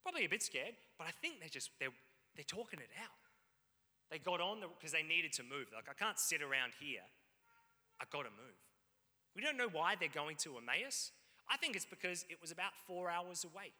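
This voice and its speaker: Guy preaching, chatty animated storytelling, super bright tone, big reverby church. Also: sits high, fairly quick. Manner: animated storytelling with audience asides. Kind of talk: sermon. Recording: long reverb in a hall.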